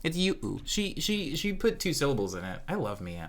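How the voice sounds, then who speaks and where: A man's voice: a little high, very animated, moderate pace. A man hosting a live stream, chatting casually, joking and reacting to his chat. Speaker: livestream host.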